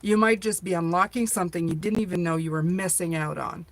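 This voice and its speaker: A woman's voice: on the low side, brisk, no room sound. A middle-aged woman hosting a live tarot reading, chatty and playful, joking with viewers as she reads the cards aloud.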